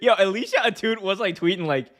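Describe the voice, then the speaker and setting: A man hosting a podcast in casual chat, excitable and full of "like". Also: sits high, quick pace. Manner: excitable, heavy use of "like". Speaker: podcast host.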